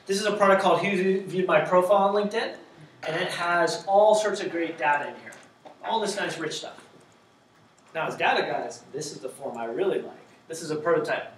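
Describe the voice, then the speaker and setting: High-voiced man giving a lively talk. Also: roomy sound, far from the mic, a little hiss or hum. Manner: lively and joking, with rhetorical questions. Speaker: conference speaker. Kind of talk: conference talk.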